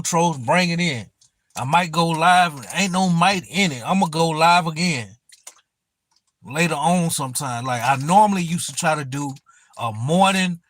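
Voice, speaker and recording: A man chatting casually to his viewers on a livestream, loose and profane, full of street slang and animated storytelling. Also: a little high, no echo. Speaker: YouTuber on a livestream.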